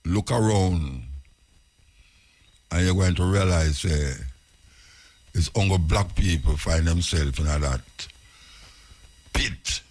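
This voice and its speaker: A man's voice: deep voice, slow pace, pauses often, a little mellow. A man with a Jamaican accent hosting a radio talk, lecturing through rhetorical questions. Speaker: radio host.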